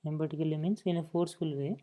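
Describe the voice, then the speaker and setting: A man's voice: a little high, steady tone, rapid-fire, dark tone. A man teaching a grammar lesson, explaining points and often saying "okay" between them. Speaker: English teacher.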